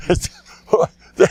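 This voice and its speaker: An older man, a rabbi giving a lecture, telling stories with jokes, often breaking off, repeating words and laughing at his own lines. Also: dry recording. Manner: animated, jumps into loud high voices for quoted lines. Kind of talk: storytelling talk with jokes.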